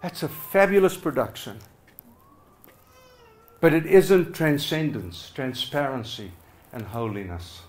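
A middle-aged man preaching a passionate sermon to his congregation, swinging from loud urging to quiet, hushed lines. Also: medium pitch, lively intonation, takes it slowly, pauses often. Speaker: pastor. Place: church hall with a congregation.

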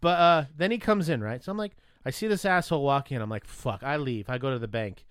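A man telling a story in casual chat, animated and profane, acting out both sides of a conversation. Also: medium pitch, fast talker, clear, resonant tone, no room sound, studio quality.

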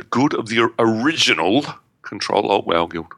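A man's voice: on the low side, animated, normal speed, gravelly, sharp tone, no echo. A man co-hosting a gaming podcast in casual chat, playful and joking, correcting himself as he reads. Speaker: podcast co-host. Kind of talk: casual chat, reading listener email.

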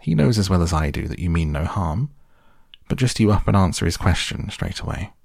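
A man voicing a gentle, earnest young hobbit in an audiobook, speaking plainly and reassuringly. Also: low-pitched, expressive, brisk, gravelly, no room sound, studio quality, heavily acted.

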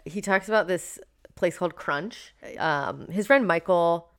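Woman, low voice, relaxed, casual book recap, podcast chat. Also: measured pace. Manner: relaxed, retells the book with fillers. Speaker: podcast co-host summarizing a book.

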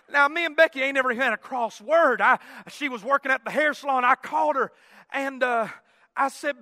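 A man preaching a sermon in a folksy, animated storytelling manner. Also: very high voice, brisk, dry recording, studio quality.

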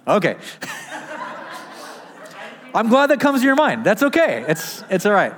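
A man's voice: high-pitched, wildly swooping pitch, unhurried, a bit bright. A man in a pastor's role preaching a sermon in a conversational way, asking the congregation questions and answering them himself, with his voice muffled by a mask. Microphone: wearing a mask.

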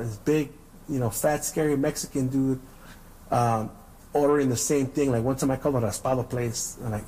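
A man's voice: medium pitch, steady tone, moderate pace, dark tone, poor audio. A man from Southern California hosting a podcast, telling stories casually and profanely, with frequent restarts. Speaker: podcast host. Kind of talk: casual storytelling.

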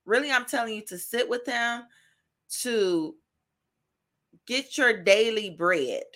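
A woman's voice: a little high, slow pace, pushed and bright. A woman hosting a faith podcast, giving an encouraging devotional talk in a chatty style, laughing often and asking "right?".

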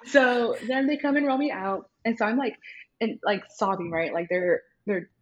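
A woman guest telling a personal story in casual chat, animated and acting out quoted lines. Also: on the high side, moderate pace, muffled recording, slight background noise. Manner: animated, acts out her own and others' lines in quotes, many fillers of "like". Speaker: podcast guest.

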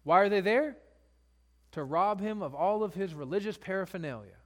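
A man's voice: high-pitched, expressive, normal speed. A male pastor preaching a sermon, retelling scripture in casual everyday speech.

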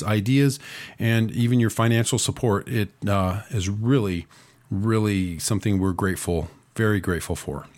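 A man recovering from a cold, talking around a lozenge while he hosts a talk radio news and commentary show. He fills his speech with "uh" and throws in sarcastic asides. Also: fairly low pitch. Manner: sarcastic asides, frequent "uh" fillers.

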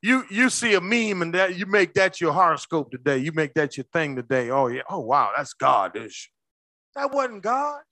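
Man, preacher, sermon, very animated pitch, shouts and hushes, calls to the congregation. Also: normal speed, no echo.

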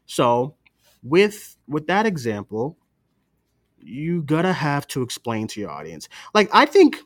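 A man's voice: a little high, a little slow, no echo, clean studio sound. A man co-hosting a movie podcast, chatting casually and acting out other people's voices as he tells stories. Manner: animated storyteller, acts out relatives' voices. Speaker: podcast co-host. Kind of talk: casual chat.

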